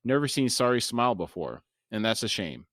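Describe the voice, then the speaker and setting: A man reading the lines of a gruff but kindly male soldier from a fantasy novel, in his plain low voice. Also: very animated, fairly quick, fairly bright tone, no echo. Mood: steady.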